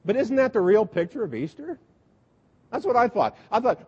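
Man, pastor, sermon, high voice, humorous storytelling, muffled lo-fi audio. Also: big pitch swings, moderate pace, darkish tone, breathy edge, long reverb tail. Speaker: Lutheran pastor.

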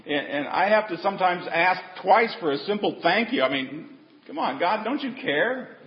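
A man's voice: high voice, moderate pace. Chatty male pastor in an echoey hall. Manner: conversational storytelling, animated, with asides and rhetorical questions. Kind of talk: sermon. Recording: dull echoey hall recording.

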